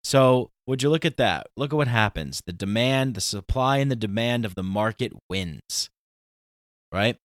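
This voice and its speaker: A man hosting his own podcast, talking through a solo intro in an animated, ranting, conversational way. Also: medium pitch, normal speed, dry recording, clean studio sound. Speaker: podcast host.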